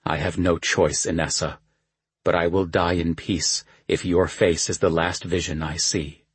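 A man's voice: deep voice, fairly even intonation, a little slow, slightly rough, no room sound, heavily acted. A man voicing a noble lord facing death, speaking soberly and steadily in an audiobook. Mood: grave. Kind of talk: audiobook character voice.

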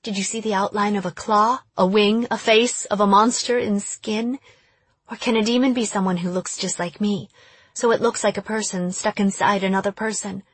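A woman's voice: medium pitch, fairly even intonation, slightly rough, dry recording, lightly acted. A woman voicing a mocking teenage girl who acts possessed and fires sly questions. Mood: probing. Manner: taunting, sly, rapid questioning.

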